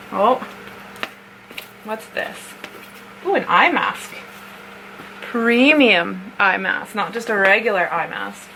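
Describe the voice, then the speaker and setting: A young North American woman vlogger chats casually while unboxing a gift box, laughing a lot and squealing over cute things. Her medium-pitched voice sounds pushed and bright, and she speaks slowly with long pauses. It's a noisy home recording.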